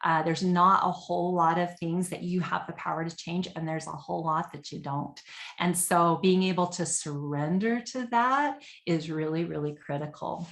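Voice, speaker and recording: A woman's voice: on the low side, normal speed, vocal fry, a bit bright, roomy sound. A woman giving a webinar presentation over a computer mic, earnest and conversational with frequent fillers.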